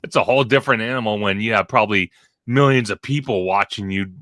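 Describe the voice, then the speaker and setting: Bright, dry-sounding male co-host. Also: on the low side, fast, no room sound. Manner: chatty, lots of fillers, reads out viewer comments. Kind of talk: casual live-stream chat.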